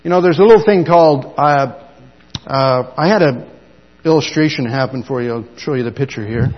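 Animated middle-aged male preacher in a hall. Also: mid-range voice, moderate pace. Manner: animated storytelling, acts out dialogue. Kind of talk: sermon. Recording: dull sound in a long-reverb hall.

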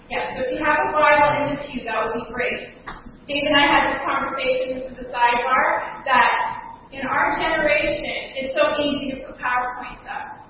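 A woman preaching a sermon in a conversational, animated way to a church congregation. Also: sits high, normal speed, phone-quality sound, slight background noise. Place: church sanctuary. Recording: distant, echoey church hall audio.

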